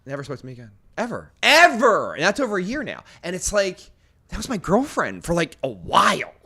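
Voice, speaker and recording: Man, animated crude storyteller, high-ish bright voice, swears constantly. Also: fast, creaky, slightly rough. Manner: profane, animated, acts out quotes loudly. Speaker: podcast co-host.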